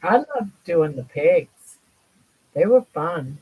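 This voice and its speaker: A woman's voice: on the low side, sing-song, takes it slowly, husky, phone-quality sound. An older woman hosting a casual livestream chat from home, cooing to her pets in baby talk. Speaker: livestream host.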